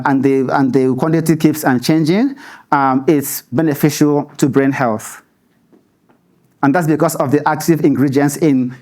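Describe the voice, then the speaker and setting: A man's voice: fairly high pitch, darkish tone. A man speaks at a public lecture. He answers questions thoughtfully and often restarts a word. He laughs easily between points. He is in a hall under stage lights. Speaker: researcher answering audience questions.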